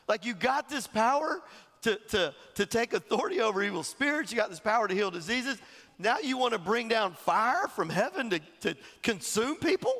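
A man preaching a sermon, telling stories in an animated way and often chuckling as he talks. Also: high voice, long reverb tail. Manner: animated storytelling, chuckling, acting out quotes. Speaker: pastor.

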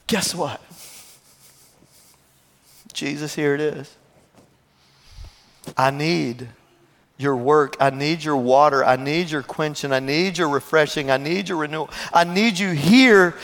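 Gravelly high-voiced preaching man. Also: takes it slowly, long pauses, big-room sound. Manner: animated preaching with laughs and asides. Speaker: pastor. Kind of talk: sermon.

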